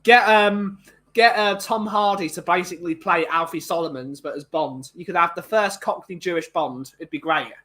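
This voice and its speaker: Bright, high-voiced man chatting. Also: normal speed. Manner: rambling, opinionated, many restarts. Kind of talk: casual chat.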